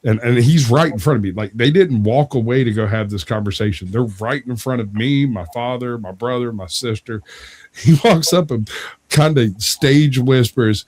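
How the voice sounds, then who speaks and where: With a medium pitch and normal speed, a young man on a debate show casually shares a long family story, full of laughter and lively impressions of the people in it.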